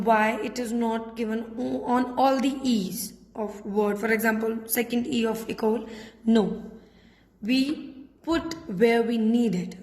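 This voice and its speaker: A woman teacher with an Indian English accent, giving a patient classroom lesson and repeating points slowly. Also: a little high, a little mellow. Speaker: French teacher. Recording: echoey room with long reverb.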